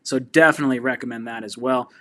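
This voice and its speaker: A man's voice: medium pitch, quick pace. Fired-up man hosting a fan stream. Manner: excitable and fired up, laughing and shouting. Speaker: sports fan channel host. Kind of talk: live-stream chat reading viewer comments.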